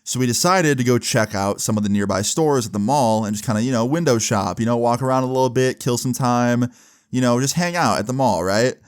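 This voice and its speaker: A man's voice: medium pitch, brisk, smooth. A young man casually telling a personal story, swearing freely and filling with "like" and "you know". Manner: casual, profane, lots of fillers.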